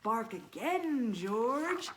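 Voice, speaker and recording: A woman's voice: on the high side, sing-song, background noise, full character voice. A woman voicing a stern mother dog who scolds her puppy firmly, with a Midwestern American accent. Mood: scolding. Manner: firm, drawn-out scolding.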